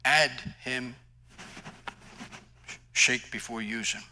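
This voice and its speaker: A man's voice: mid-range voice, very slow, sharp tone, a little hiss or hum, rough recording. A male pastor preaching a sermon in an emphatic, conversational way, mixing scripture with personal stories.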